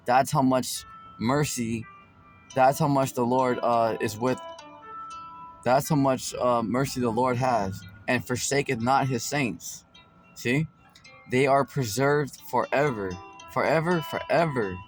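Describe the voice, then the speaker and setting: A man delivering a loose, slangy sermon, repeating phrases and leaning on fillers. His voice sits at a middle pitch. Clear music runs underneath. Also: a little slow. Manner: conversational, slangy, repetitive, full of fillers. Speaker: preacher. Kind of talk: casual street sermon.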